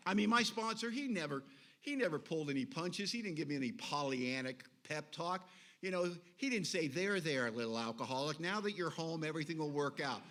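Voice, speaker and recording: High-voiced man telling a recovery story. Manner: animated storytelling with acted quotes. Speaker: speaker sharing his recovery story. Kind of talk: recovery meeting talk.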